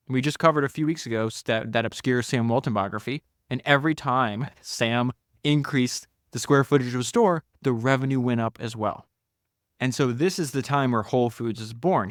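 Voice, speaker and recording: A man's voice: medium pitch, no room sound. Enthusiastic male podcast host, dry sound. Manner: enthusiastic, laughs often, quick asides. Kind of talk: solo podcast monologue reading from a book.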